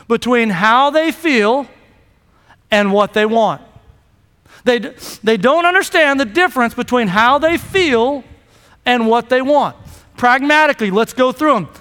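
A man's voice: very high voice, expressive, measured pace, pushed and bright, clean tone. A man preaching a sermon as pastor, emphatic and calling out to the congregation for a response. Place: church sanctuary. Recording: long reverb of a large hall.

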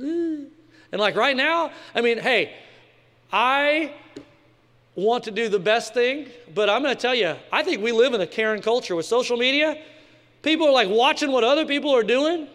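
A man's voice: very high voice, a bit bright. A male pastor giving a sermon in a casual, joking way with slang asides. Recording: long hall reverb.

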